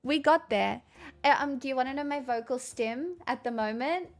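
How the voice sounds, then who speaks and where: A woman's voice: high voice, normal speed. A young woman streamer chatting casually and candidly with viewers, rambling and swearing freely. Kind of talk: casual chat answering viewer questions.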